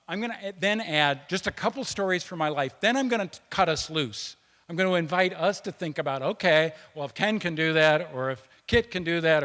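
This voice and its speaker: A man gives a speech at a conference and tells personal stories in a conversational way, with frequent restarts. His voice is at a middle pitch. The sound carries the long reverb of a large hall. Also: fairly bright tone. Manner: conversational, with restarts and acted quotes. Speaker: speaker at a peace conference.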